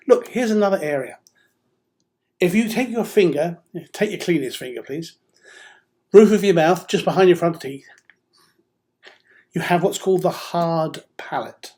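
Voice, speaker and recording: A man with a high, darkish voice teaches singing in an instructional seminar, coaching the listener through vocal drills in a direct, encouraging way.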